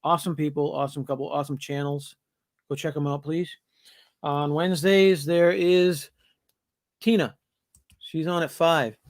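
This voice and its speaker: A man co-hosting a casual live stream, chatting in a relaxed, rambling way and plugging other channels. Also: on the high side, normal speed, long pauses, no echo, clean studio sound.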